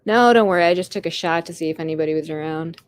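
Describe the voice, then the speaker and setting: A woman's voice: on the low side, rapid-fire. A Canadian woman with a Canadian accent, hosting a casual live stream, tired and rambling as she answers her chat with small apologies.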